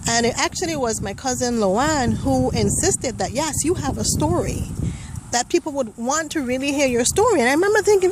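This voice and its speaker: A woman's voice: on the high side, background noise. A young woman giving a personal testimonial, telling her story vividly and acting out the voices and thoughts she remembers. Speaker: testimonial speaker.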